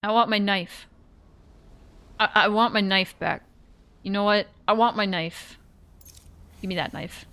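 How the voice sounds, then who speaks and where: A woman streamer chatting casually during a horror game, telling rambling, animated stories and yelping at scares. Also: medium pitch, measured pace, pauses often, smooth. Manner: rambling, animated storytelling with sudden yelps. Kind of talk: casual live-stream chat.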